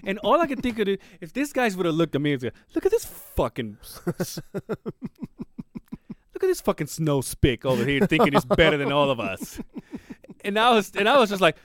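A man co-hosting a podcast tells a story in loose, profane chat. He acts out quotes and his voice jumps up as he does. His voice sits slightly high and sounds dry and close. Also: normal speed, pauses often, dry recording. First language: Spanish. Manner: animated, swearing, acts out quotes with rising voice. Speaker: podcast co-host.

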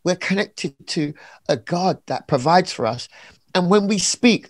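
A man, an author talking about praise and faith in an emphatic, animated preaching way. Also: on the high side, measured pace, dry recording. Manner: animated, emphatic, acts out little scenes. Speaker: author and preacher being interviewed. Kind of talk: conversational preaching.

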